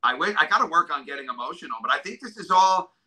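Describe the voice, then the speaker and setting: A middle-aged man from New York State, talking in an interview about hard times in an earnest, halting way that keeps getting emotional. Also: on the high side, lively intonation, a crowd in the background, poor audio. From New York State, USA. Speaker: drummer and guest.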